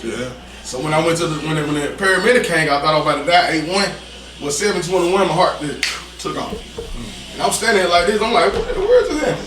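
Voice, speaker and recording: A man guesting on a podcast who tells his story casually and with a lot of animation, circling back on his points to drive them home. His voice sits slightly high for a man. It is picked up from a distance in an echoey room with steady background noise. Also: fast. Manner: animated, informal, repeats himself for emphasis.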